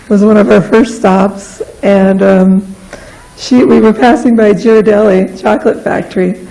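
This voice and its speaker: A woman's voice: medium pitch, normal speed, vocal fry, low-quality recording. A middle-aged woman giving a personal eulogy at a memorial, telling old stories with laughter that turns tender and tearful. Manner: laughing, animated storytelling that turns tearful and soft. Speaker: memorial speaker.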